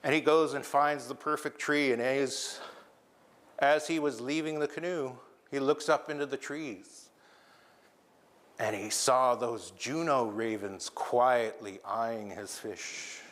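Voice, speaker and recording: A man telling a traditional tale to a live audience in a lively, engaging way, with asides to the listeners. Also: mid-range voice, slow, long reverb tail. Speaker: traditional storyteller. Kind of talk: oral storytelling to a live audience. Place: lecture hall.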